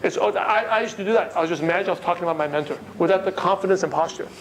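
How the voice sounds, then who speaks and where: A man with a non-native English accent gives a lively seminar talk to a crowd and keeps asking the room questions. His voice sits high and has a faint hiss of noise behind it. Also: very fast, poor audio. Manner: animated, coaching, asks the room questions. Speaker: network marketing trainer. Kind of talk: seminar talk to a live audience.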